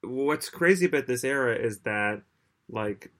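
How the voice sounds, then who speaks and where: A man's voice: mid-range voice, expressive, a little slow, fairly bright tone. A man co-hosting a podcast in casual chat, explaining at length and laughing often. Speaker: podcast co-host.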